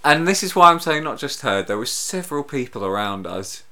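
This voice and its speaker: A man's voice: medium pitch, very animated, brisk, a crowd in the background. A man in casual comedic chat, a dry grumbler telling a story and mimicking other people.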